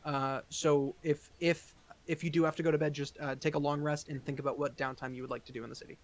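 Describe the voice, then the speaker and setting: A man's voice: on the high side, little pitch movement, fast talker. A man running a tabletop game as game master, narrating casually with frequent hesitations.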